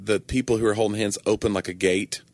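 A man's voice: on the low side, steady tone, fast, dry recording. A man co-hosting a casual chat, chiming in with quips and jokey asides. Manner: jokey, interjects quips and mock voices. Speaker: podcast co-host.

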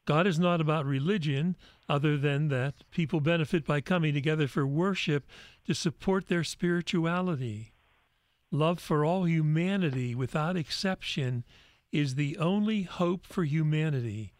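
Measured higher-voiced male interviewer. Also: no echo. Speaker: interview host. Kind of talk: interview, reading quoted passages aloud.

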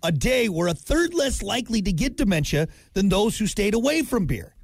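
Lively, joking male radio host. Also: high voice, normal speed, breathy edge, no echo, studio quality. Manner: joking, lively, animated storytelling. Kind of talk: casual morning radio banter.

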